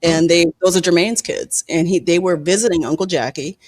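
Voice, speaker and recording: A film director and producer telling personal stories in a candid, profane way in an interview, acting out quoted people with sudden jumps in pitch. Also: brisk, no room sound.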